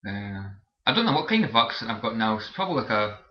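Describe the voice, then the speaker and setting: A man's voice: on the low side, big pitch swings, fast talker. A young man from Scotland with a Scottish Borders accent, chatting casually in a vlog and rambling with lots of fillers and restarts. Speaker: vlogger. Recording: roomy, dull lo-fi webcam audio.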